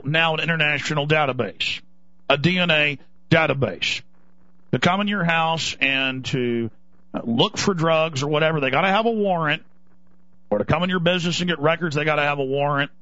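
A man's voice: fairly high pitch, pushed and bright, no room sound. Indignant ranting talk radio man. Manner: urgent, indignant ranting with mocking put-on voices. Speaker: radio talk show host. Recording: dull lo-fi radio broadcast.

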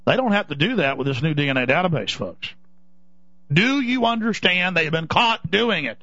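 A high-pitched, bright-voiced man rants urgently on talk radio, indignant and insistent. The sound is dry and close but muffled and lo-fi, like an old radio broadcast. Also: expressive, moderate pace, no echo. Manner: urgent, indignant ranting with mocking put-on voices. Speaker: radio talk show host.

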